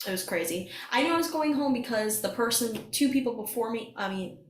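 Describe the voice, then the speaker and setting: A woman's voice: fairly high pitch, a little fast, a little hiss or hum. Young woman chatting on a podcast, acts out quotes, laughs a lot, echoey room. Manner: animated storytelling, acts out quotes, laughs often. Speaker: guest, singing contestant. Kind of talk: casual chat. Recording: roomy echo.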